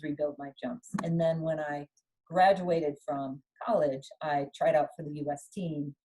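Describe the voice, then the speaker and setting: A middle-aged woman, a former athlete, telling her story in an interview with lively storytelling and acted-out dialogue. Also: sits low, poor audio. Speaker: guest, former Olympic skier. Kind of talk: conversational interview.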